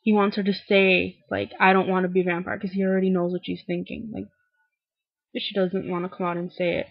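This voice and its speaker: A woman's voice: medium pitch, little pitch movement, fairly quick, creaky, dry recording. A young woman casually recapping a TV episode, gushing, filling her talk with "like" and acting out the characters' lines. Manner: gushing, heavy use of "like", acts out characters' lines. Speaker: TV recap vlogger. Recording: dry dull lo-fi webcam audio.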